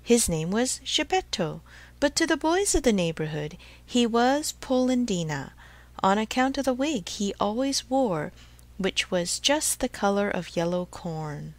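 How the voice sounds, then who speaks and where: A woman reading a storybook aloud for English learners in a clear, measured way. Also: medium pitch, sing-song, dry recording. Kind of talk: scripted storybook narration.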